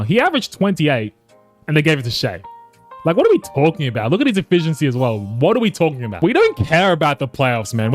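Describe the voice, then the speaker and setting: A young man giving casual, frustrated commentary over a basketball video game, cursing and swinging from low mutters to loud outbursts. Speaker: gaming YouTuber.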